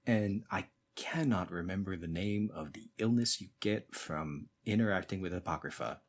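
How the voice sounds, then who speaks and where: Wry lowish-voiced man at a game table. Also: normal speed. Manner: wry, polite, trailing off with fillers. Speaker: player. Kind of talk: casual tabletop role-play.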